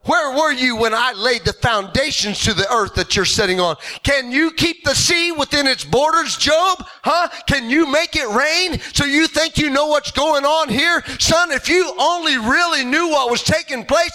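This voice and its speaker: A man's voice: very high-pitched, normal speed, few pauses, sharp tone, voice pushed up. A man voicing God, speaking bluntly and fatherly to a suffering man with challenging questions. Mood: stern. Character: God, a stern fatherly male voice.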